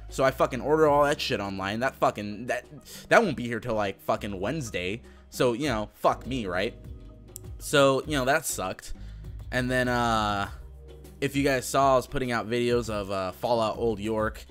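A man's voice: medium pitch, moderate pace, a bit bright, faint music behind. A young man ranting casually in a vlog, swearing a lot, with an exasperated, sarcastic manner. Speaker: vlogger.

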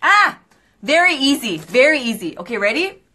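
A young woman hosting a live skincare quiz stream, bubbly and excitable, with quick apologetic asides. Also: fairly high pitch. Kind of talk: casual live-stream chat.

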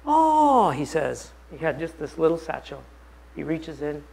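Husky-voiced pastor telling a story. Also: male voice, a little high, moderate pace, low-quality recording. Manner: anecdotal, animated storytelling. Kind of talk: storytelling in a bible study talk.

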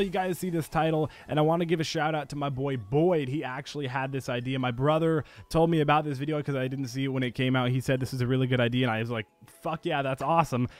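A young man doing excitable, profane gameplay commentary as a gaming channel host, yelling when a bet goes wrong. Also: medium pitch. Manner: excitable, swears a lot, yells at losses. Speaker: gaming YouTuber.

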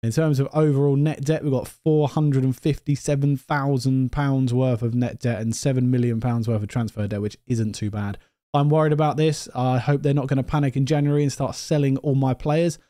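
A man commentating his own football management game, thinking aloud, talking to himself and rising in pitch when exasperated. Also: fairly even intonation, brisk, dark tone, no room sound, clean studio sound. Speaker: gaming video host.

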